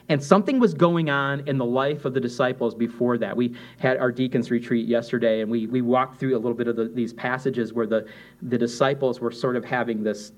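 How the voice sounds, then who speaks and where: A male pastor preaching to his congregation in a relaxed, conversational way. He often slips into quoted voices and restarts his phrases as he works through his points. His voice sits at an ordinary middle pitch. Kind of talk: sermon.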